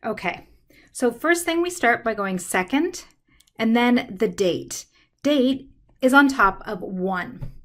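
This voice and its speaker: A woman teaching a math lesson, working through problems in a steady, step-by-step way at a desk microphone. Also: fairly high pitch, slow. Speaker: math instructor.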